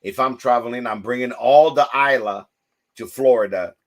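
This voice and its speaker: A man hosting a casual livestream chat, telling stories with lively, loud acted-out quotes. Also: mid-range voice, normal speed. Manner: animated storytelling, acts out quotes loudly. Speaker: host.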